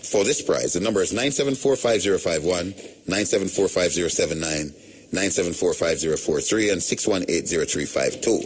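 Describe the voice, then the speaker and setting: This is a middle-aged Jamaican man on the radio, talking in a slightly low, husky voice. His pitch swings up and down a lot as he tells stories and reels off details. The delivery is chatty and full of patois. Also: a little fast. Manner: animated, chatty patois storytelling. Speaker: radio host. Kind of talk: casual radio talk.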